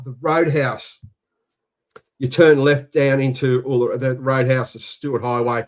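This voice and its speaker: Australian man, 60s, mid-pitched, jokey storyteller, casual chat. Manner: yarn-spinning, jokey, animated when quoting others. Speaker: co-host.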